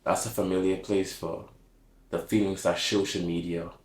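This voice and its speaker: A man's voice: deep voice, little pitch movement, normal speed, a little mellow. Reflective man in a roomy space. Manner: casual, slangy and heartfelt, with frequent "man". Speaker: vlogger. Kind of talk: reflective monologue to camera.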